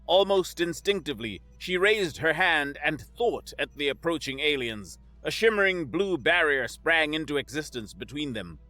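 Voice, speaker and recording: A man narrating a sci-fi story in a steady, measured, scripted reading. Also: on the high side, dry recording, faint music behind.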